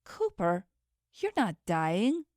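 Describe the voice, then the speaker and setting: A woman's voice: huge pitch swings, slow pace, a little mellow, no echo, studio quality. A woman voicing a distraught young female investigator who pleads through tears, audiobook style. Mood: incredulous. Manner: pleading, tearful, high-pitched.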